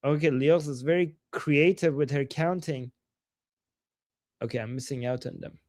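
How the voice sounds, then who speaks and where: A man from Iran, hosting a livestream and talking in a heated, profane way that often rises to shouting. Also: on the high side, normal speed, dry recording. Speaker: host. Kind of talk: livestream commentary.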